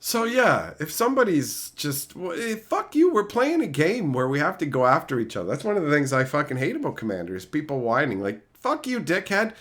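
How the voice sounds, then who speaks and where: A man's voice: on the high side, very animated, fairly quick, hardly any pauses, a bit bright. A male streamer casually answering chat questions in a profane, rowdy, mocking way.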